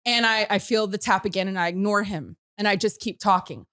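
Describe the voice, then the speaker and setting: A woman hosting a studio podcast, telling a story with laughter and loud shouted quotes. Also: medium pitch, fairly quick, clean tone. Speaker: show host. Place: radio studio.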